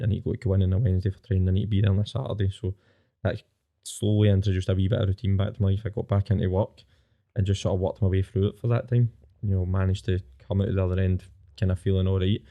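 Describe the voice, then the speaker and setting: A Scottish man in his twenties telling his own story candidly as a podcast guest, plain-spoken and rapid. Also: low voice, phone-quality sound.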